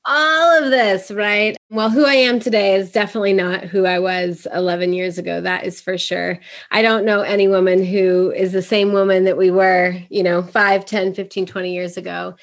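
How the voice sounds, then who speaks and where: A middle-aged woman from Puerto Rico, a podcast guest, telling her story in a lively, casual way and acting out the voices she quotes. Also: mid-range voice, normal speed. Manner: animated, acts out quoted voices.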